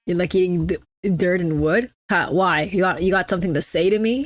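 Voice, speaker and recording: A woman's voice: on the low side, steady tone, moderate pace, no echo. A young adult woman streaming a game, chatting casually and teasing her chat with mock-snobby banter. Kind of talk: casual live-stream chatter while gaming.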